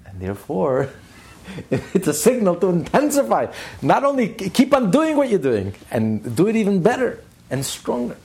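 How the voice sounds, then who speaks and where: A man lecturing a study class, animated and emphatic, repeating phrases for stress. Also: high voice, normal speed, vocal fry, breathy edge. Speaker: Torah class teacher.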